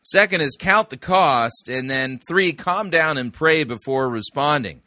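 A man's voice: fairly high pitch, expressive, measured pace, bright, forceful tone, dry recording. A man reviewing a sermon, questioning its claims in a skeptical way. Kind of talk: skeptical commentary.

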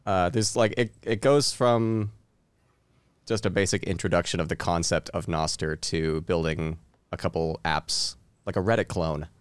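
Male guest, low and smooth, halting casual delivery. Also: fairly even intonation, no echo. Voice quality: hesitant, lots of uhs. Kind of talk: casual chat.

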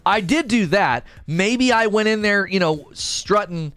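Brief: male podcast host, defensive and rambling, lively pitch, faint music bed. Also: unhurried, dry recording. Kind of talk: casual argumentative chat.

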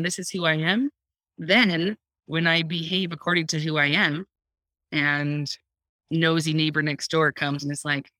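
A woman's voice: low-pitched, measured pace, no room sound. A woman talking casually about parenting on a podcast, laughing often and acting out her own thoughts. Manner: animated, laughs often, acts out her own inner dialogue. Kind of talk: casual conversational podcast talk.

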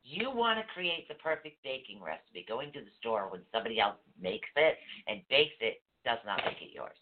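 A man's voice: medium pitch, moderate pace. Casting: emphatic male meditation teacher, tinny phone-line sound. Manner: animated, emphatic, repeats key phrases. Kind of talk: casual teaching chat.

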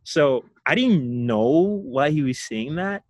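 A man's voice: mid-range voice, lively intonation, takes it slowly, no echo. Young guy from ghana telling his story, laughs a lot, trips over words, dry close sound. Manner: reflective, laughs often, repeats words. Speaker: guest. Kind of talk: casual storytelling interview.

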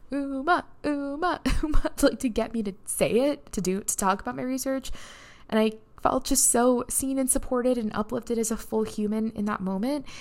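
A woman hosting her own podcast, telling a story casually and excitedly, with plenty of "like"s and a heartfelt, emotional edge. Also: mid-range voice. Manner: excited, breathless storytelling with frequent "like" and laughs. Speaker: podcast host and neuroscientist. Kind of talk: casual solo podcast recap.

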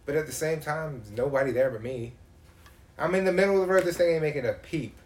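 A man in casual chat, telling profane, animated stories. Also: fairly high pitch, fast, reverberant.

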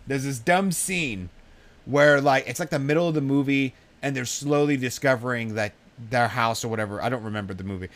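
A man's voice: medium pitch, a little fast, a bit bright. Rambling, sidetracked man telling stories. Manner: rambling, easily sidetracked storytelling. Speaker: podcast co-host. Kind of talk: casual podcast chat.

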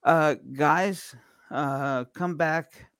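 A man co-hosting a casual podcast, talking with many fillers and pauses. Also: fairly high pitch, fairly even intonation, a bit bright, clean tone, dry recording, studio quality. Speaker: podcast co-host.

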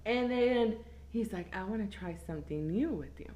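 A young woman, telling a crude story in casual chat, animated and laughing often. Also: medium pitch, moderate pace, highs cut off. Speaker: storyteller guest.

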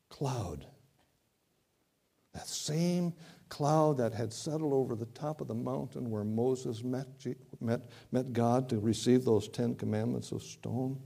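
A man preaching a sermon, dramatic and swinging from loud to hushed, often repeating words. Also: mid-range voice, gravelly.

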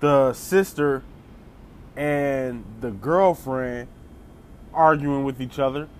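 A man telling a comedic story in a casual, animated way, full of slang and laughing asides. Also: medium pitch, slow pace, slight background noise.

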